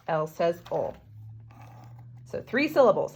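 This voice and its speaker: A woman teacher modeling sentence writing for young students, slowly sounding out letters and syllables. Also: on the low side, animated, creaky, a bit bright, slightly rough.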